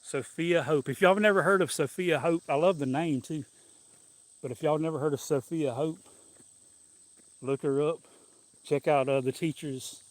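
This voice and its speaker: A man's voice: on the high side, moderate pace, long pauses, no echo. A man, talking casually to a live-stream audience outdoors in the sun, rambling and chuckling as he goes. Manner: rambling, chuckling, loose and jokey. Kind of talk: casual live-stream chat while walking.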